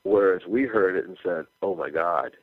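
A man's voice: low voice, moderate pace, no echo. An older man from California, a musician guest on a radio interview, animatedly telling anecdotes and acting out quoted dialogue. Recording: phone-line interview, dry.

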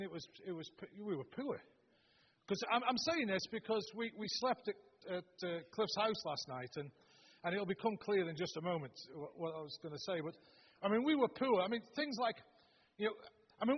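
A man in his seventies with a Stoke-on-Trent accent, opening a sermon with homely, humorous stories, often halting and restarting. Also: sits high, slightly rough. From Stoke-on-Trent, England. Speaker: preacher. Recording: dull, long-reverb hall recording.

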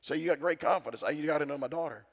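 Racing through his sermon in a fairly high voice, a middle-aged pastor calls to the congregation for responses. The church sanctuary lends a long reverb to the sound.

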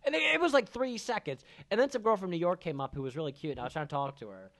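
A man's voice: high voice, expressive, a bit bright. A man co-hosting a podcast, telling crude stories in casual banter. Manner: fast, profane storytelling. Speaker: co-host.

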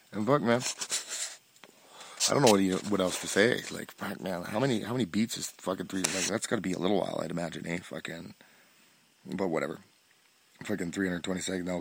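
A man's voice: low voice, gravelly, fairly bright tone, no echo. A man hosting a solo podcast, rambling with constant swearing, frequent restarts and bursts of laughter, and sounding stoned. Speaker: podcast host.

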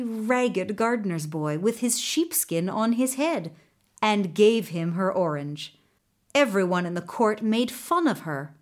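Woman reading a kids' storybook aloud, slow and sing-songy. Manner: slow, expressive reading with lively pitch. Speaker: audiobook narrator. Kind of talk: storybook narration.

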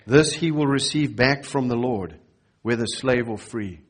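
Husky-voiced man preaching a sermon. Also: medium pitch, measured pace. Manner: storytelling, acts out quoted voices. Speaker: pastor. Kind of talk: sermon with personal story.

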